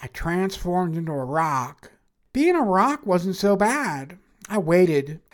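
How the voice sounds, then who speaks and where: A woman's voice: fairly low pitch, big pitch swings, takes it slowly. A woman reading a first-person fantasy story aloud in a wry, matter-of-fact way.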